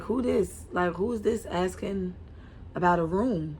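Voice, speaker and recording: A woman's voice: lowish voice, measured pace, a little hiss or hum. Slangy young woman telling a story. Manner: animated, slangy, repeats and restarts often. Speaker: vlogger. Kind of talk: casual storytime monologue.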